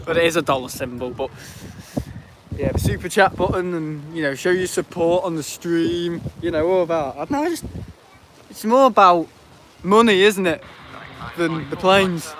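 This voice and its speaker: A man's voice: a little high, moderate pace, background noise. A man chatting loosely on a live stream from an airport viewing park, rambling, laughing and reading out his chat. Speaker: planespotting livestreamer. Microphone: handheld tablet.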